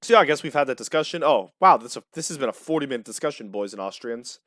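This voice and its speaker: A man from Florida hosts a loose gaming chat in a blunt, opinionated way, cursing often. His voice sits in an ordinary middle pitch, and the recording is dry and close, with no room sound. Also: lively intonation, quick pace, fairly bright tone, no echo. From USA, Florida. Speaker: podcast host.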